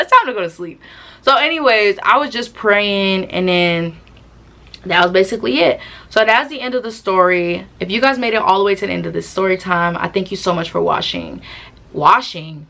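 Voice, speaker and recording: A young woman vlogger, telling a storytime tale in a casual, animated, slangy way with laughing asides. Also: medium pitch, normal speed, gravelly.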